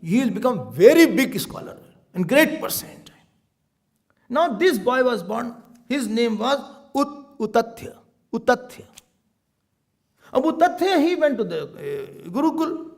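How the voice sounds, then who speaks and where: A man, a swami, telling a sacred story in an animated sermon and acting out the voices of its people. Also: very high-pitched, unhurried, gravelly. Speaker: swami giving a spiritual discourse.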